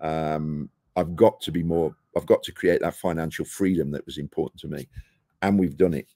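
A middle-aged man from the United Kingdom, a property investor being interviewed, tells lively anecdotes and acts out the dialogue, speaking from a rooftop terrace. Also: rumbling low, normal speed, dry recording. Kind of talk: casual interview storytelling.

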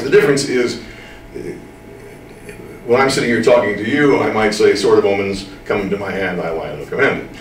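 An older Midwestern man, a voice actor, tells stories in a casual interview, drawling slowly and stressing his words firmly. His voice is fairly low, with a little hiss or hum. The distant mic picks up a roomy space.

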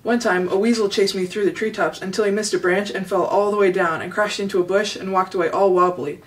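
A woman's voice: medium pitch, fairly even intonation, fairly quick, close to an everyday voice. A chatty, rambling young squirrel from a storybook, put on by a woman. The voice is heard from some distance off the mic.

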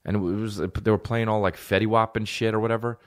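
A man's voice: fairly low pitch, brisk. Profane, rambling male comedy podcast host. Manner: profane, animated, acts out other people's voices.

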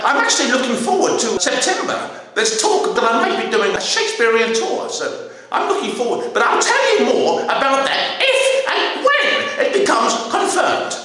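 A man's voice: extremely high pitch, pushed and bright. A man who is an actor, talking through a casual video diary in a theatrical, sing-song, exclamatory way. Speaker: actor and vlogger. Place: high up over the city, outdoors. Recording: echoey with long reverb.

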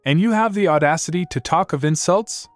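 A man's voice: a little high, a little fast, no room sound, faint music behind, voice pushed up, close to an everyday voice. A man voicing a haughty sorcerer who serves as the emperor's messenger, disdainful and cutting in every line.

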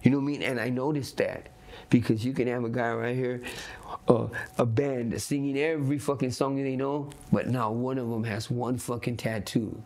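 A man's voice: mid-range voice, steady tone, moderate pace, a little mellow. A man, telling his stories bluntly and profanely in an interview, often asking "you know what I mean". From Los Angeles. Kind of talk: candid storytelling interview.

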